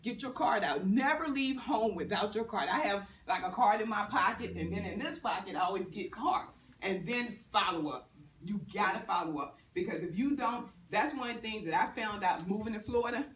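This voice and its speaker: A middle-aged female banker from Virginia gives a lively motivational talk to students as a guest speaker in a university lecture room, often laughing and acting out what people said. Her voice is medium-pitched at a moderate pace, and the recording is echoey, with a distant mic and faint noise.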